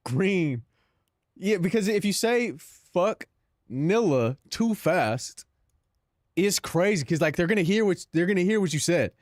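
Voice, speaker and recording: A man's voice: sits high, animated, a little slow, no room sound, studio quality. A man live streaming in casual chat, talking in slang, calling his viewers "bro" and laughing between lines.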